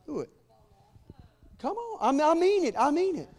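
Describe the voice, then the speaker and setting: A man in his forties preaching a sermon as pastor, joking with the congregation and building to loud, fervent declarations. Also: extremely high pitch, sing-song, normal speed. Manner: humorous asides to the congregation.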